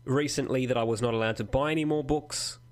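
A man's voice: mid-range voice, fast talker. A man with a mid-range voice chats on a podcast. He is blunt and dry, with casual swearing. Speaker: podcast co-host. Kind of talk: casual chat.

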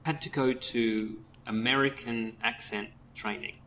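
A man's voice: medium pitch, steady tone, a little slow, sharp tone. A man co-hosting a podcast over an online call, joking and laughing often in casual chat. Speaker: podcast co-host.

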